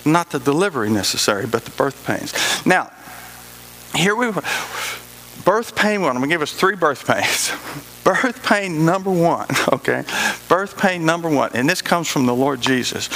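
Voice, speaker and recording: A man's voice: mid-range voice, animated, normal speed, fairly bright tone, slight background noise, rough recording. A male pastor preaching a sermon in a folksy way, with joking asides and key phrases repeated for emphasis.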